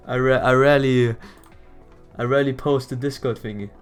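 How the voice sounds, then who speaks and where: A hoarse man streaming a game, chatting casually with his viewers in a laid-back way. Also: medium pitch, steady tone, measured pace, faint music behind. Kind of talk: casual live stream commentary.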